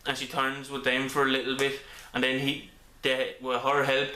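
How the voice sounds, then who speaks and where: A man talks through a comic book review in a casual, rambling way, stopping often to restart his sentences. His voice is bright and forward. It is picked up on a camera mic in an echoey room at home. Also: mid-range voice, monotone, normal speed. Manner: rambling with many ums and restarts.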